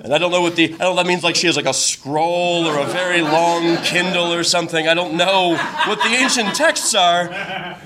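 A man's voice: high voice, fairly even intonation, moderate pace, heavy background noise. A man telling a comic personal story, rambling with many fillers and self-interruptions, and adding wry, incredulous asides.

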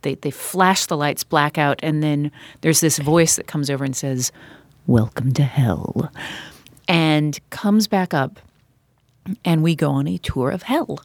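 Woman with a notably low voice, a podcast guest telling stories in a casual chat, full of ums and restarts. the recording is close and dry, with no room sound at all. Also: unhurried, dry recording. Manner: chatty storyteller, many fillers and restarts. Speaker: podcast guest, author and puppeteer. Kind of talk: casual conversation.

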